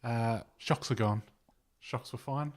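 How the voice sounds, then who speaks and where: A man's voice: medium pitch, takes it slowly. Man hosting a casual podcast. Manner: rambling anecdotes with laughs. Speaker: podcast host. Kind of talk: casual chat.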